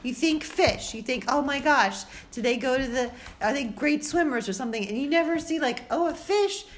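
Rambling, giggly squirrel co-host with a high voice, played by a woman. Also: normal speed, natural voice. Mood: chatty. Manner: rambling, giggly, lots of fillers. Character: chatty squirrel podcast host, bossy do-gooder. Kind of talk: improvised comedy podcast.

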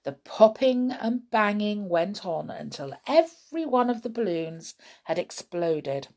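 A woman reading a children's story aloud in an expressive way. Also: medium pitch, a little slow.

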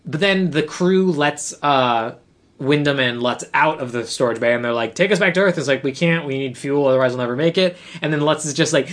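A podcast host casually retelling a film plot in a rambling way, acting out the characters' lines as quotes. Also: mid-range voice. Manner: rapid, rambling retelling full of quoted dialogue. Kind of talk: casual chat recapping a film.

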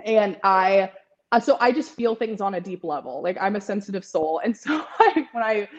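A woman's voice: medium pitch, lively intonation, normal speed, muffled recording. A woman in her twenties, a podcast guest, talking in a chatty way with lots of fillers and frequent laughter. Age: 20s. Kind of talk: casual interview chat.

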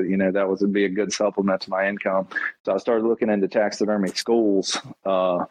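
In casual interview storytelling, a man in his thirties who works as a taxidermist talks in a loose, rambling style, peppered with "man" and "you know." His pitch is fairly low, there's no room sound, and the podcast audio is dull and lo-fi.

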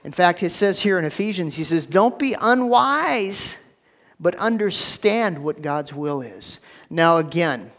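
A man delivers a sermon in an easy, conversational way, tripping over repeated words as he goes. His voice sits a bit high for a man. The sound rings with the long reverb of a large church hall. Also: normal speed, hardly any pauses, a bit bright. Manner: conversational, repeats words, frequent "you know". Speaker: pastor.

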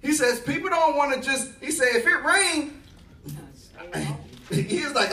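A man preaching a sermon as pastor, telling a story and building to loud, emphatic delivery. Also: extremely high pitch, sing-song, a little slow, reverberant, recorded from a distance.

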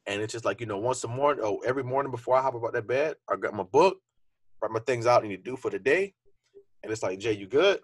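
A man's voice: medium pitch, fast, dry recording. A young man co-hosting a podcast, talking earnestly and reflectively in a casual conversation full of fillers. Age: young adult. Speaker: podcast co-host.

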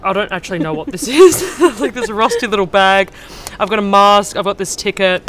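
A woman's voice: medium pitch, animated, a little fast, a bit bright. A chatty woman hosts a loose travel vlog, rambling along with plenty of fillers and laughs. She talks while walking outside, with faint traffic in the background. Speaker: podcast host. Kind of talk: casual travel vlog chat. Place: outdoors, walking through streets.

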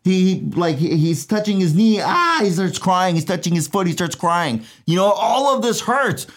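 A man's voice: high voice, sing-song, moderate pace. A man who hosts a casual show as an attorney, chatty and jokey, laughing at his own dad jokes. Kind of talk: casual legal commentary.

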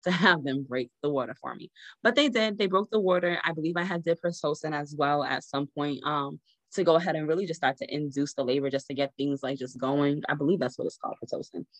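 A woman telling her own story casually to viewers, animated and laughing often. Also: sits low, fast talker, dry recording. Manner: animated, addresses listeners as "y'all", laughs often.

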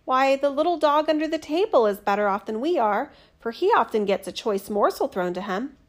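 A woman's voice: high voice, animated, fairly quick. A woman voicing a sad, thirsty young boy in a fairy tale, speaking earnestly and plaintively. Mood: sorrowful.

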